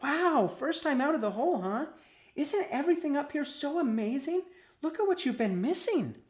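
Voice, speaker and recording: A man's voice: sits high, very animated, moderate pace, voice pushed up. A man doing a cheery young girl worm, Cassie. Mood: cheerful. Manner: bright, upbeat, encouraging.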